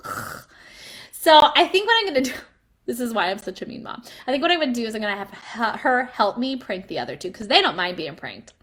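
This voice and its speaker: A chatty woman in her thirties talks casually to her viewers, animated and quick to laugh. Her voice sits a bit high and sounds bright and lively. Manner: chatty and animated, laughing as she tells stories. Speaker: vlogger and mom. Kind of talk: casual chat to camera.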